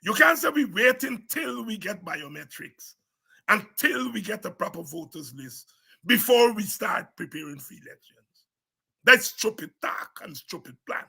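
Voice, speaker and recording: A man with a Guyanese accent giving an impassioned political address as a party leader, forceful and emphatic, repeating words for stress. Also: high voice, big pitch swings, measured pace, creaky, breathy edge.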